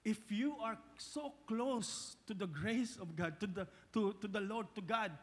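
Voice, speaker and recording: A man's voice: high-pitched, measured pace, long reverb tail. A man with a Filipino accent preaching a sermon, mixing English and Tagalog, often restarting phrases and asking the congregation "Amen?". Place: church hall.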